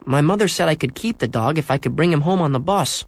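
A man playing a shy storybook boy, small timid voice, lively delivery. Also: on the high side, quick pace, no room sound, pitched above the performer's own voice. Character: timid polite young schoolboy.

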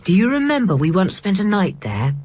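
A woman reading a storybook, voicing a brisk, matter-of-fact boy. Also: medium pitch, very animated, a little mellow, husky, no room sound.

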